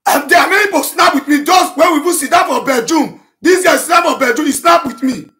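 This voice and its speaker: A man speaking Nigerian Pidgin English in an impassioned, repetitive monologue to his online audience, shouting and breaking into chanted vernacular as he rebuts accusations. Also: very high voice, animated, fast talker, soft background music. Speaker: self-styled prophet addressing his online audience.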